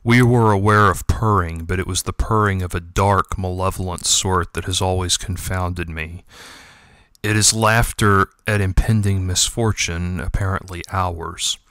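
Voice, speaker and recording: A man reads a first-person story aloud in a gentle, reflective, wistful way. His voice is fairly low yet bright, smooth and crisp. The recording is close and dry. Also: steady tone, a little slow, no echo. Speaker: audiobook narrator and author. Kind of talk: first-person audiobook narration.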